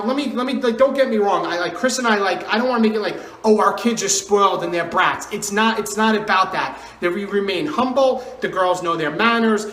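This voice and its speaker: A man in his thirties talks to camera as a fitness coach, earnest and emphatic, driving his questions home again and again. His voice sits high and bright with a forceful edge. The room around him rings with echo. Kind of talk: motivational vlog talk.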